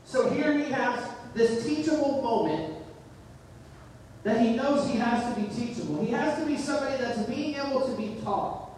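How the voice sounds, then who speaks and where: A middle-aged male preacher with a fairly high voice, speaking to a congregation in a relaxed storytelling way. He is picked up from a distance, so his words ring through a large, echoing hall with a long tail of reverb. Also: normal speed, slight background noise. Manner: conversational storytelling, rising emphasis on key points. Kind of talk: sermon with a personal story. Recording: echoey hall, distant mic.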